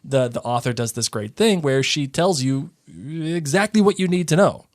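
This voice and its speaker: A man's voice: a little high, animated, normal speed, no echo, studio quality. A man co-hosting a podcast in casual chat, enthusiastic and rambling with many restarts. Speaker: podcast co-host.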